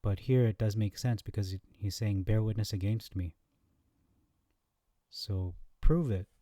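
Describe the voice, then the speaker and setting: A man hosting a scripture comparison lesson, reading verses aloud and thinking out loud with fillers, on a close mic. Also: on the low side, measured pace, no room sound. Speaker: Bible teacher.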